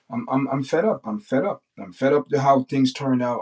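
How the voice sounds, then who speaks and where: A man hosting his own livestream, talking off the cuff with no script. His voice sits at an ordinary, middle pitch. He rants bluntly and keeps repeating the same phrases as he circles back to his point. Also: normal speed, darkish tone, slightly rough. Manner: blunt, repetitive ranting. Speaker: livestream host. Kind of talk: unscripted livestream monologue.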